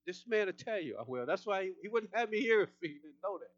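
A man preaching a sermon, shouting with intensity at times and then talking calmly and confrontationally. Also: sits high, quick pace, no room sound, muffled recording. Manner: intense, shouting preaching that drops to calm talk.

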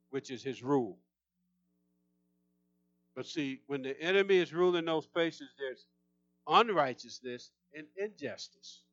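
A man preaching a sermon, shouting with intensity at times and then talking calmly and confrontationally. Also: fairly high pitch, dry recording, highs cut off. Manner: intense, shouting preaching that drops to calm talk.

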